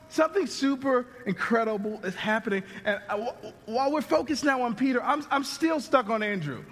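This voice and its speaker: A male pastor preaching a sermon in a conversational, animated way, often restarting his sentences, recorded with long reverb in a large hall. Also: very high voice, fairly quick, hardly any pauses.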